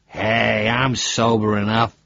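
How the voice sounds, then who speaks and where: A man voicing a brash, crude American man acting drunk, with loud slurred swagger, in an audiobook reading. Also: lowish voice, flat delivery, takes it slowly, gravelly, heavily acted. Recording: dull lo-fi dry recording.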